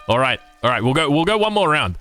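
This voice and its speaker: Lively, animated male game caster. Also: fairly high pitch. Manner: upbeat, joking, asks his co-caster questions. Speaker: esports caster. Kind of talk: play-by-play game commentary.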